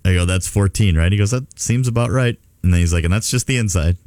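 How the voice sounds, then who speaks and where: A man's voice: on the low side, fast talker, no echo. A middle-aged man hosting a radio show, telling a story in casual chat. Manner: storytelling, animated retelling. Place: radio studio.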